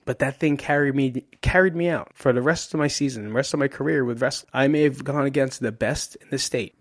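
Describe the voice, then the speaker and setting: A man's voice: mid-range voice, no echo. A man at a studio microphone tells a personal story for his podcast, loose and profane. He acts things out with punchy sound effects, in an ordinary mid-range voice. The sound is dry and close. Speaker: podcast host. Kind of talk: storytelling monologue.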